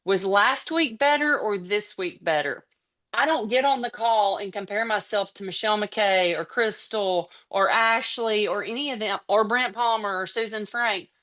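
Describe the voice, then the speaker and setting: An energetic woman leads her team through a motivational training talk. She speaks in a mid-range voice. She is chatty and excitable, so worked up that she runs a little out of breath. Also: mid-range voice, normal speed. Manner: chatty, with casual slips and restarts. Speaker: team trainer on a business call.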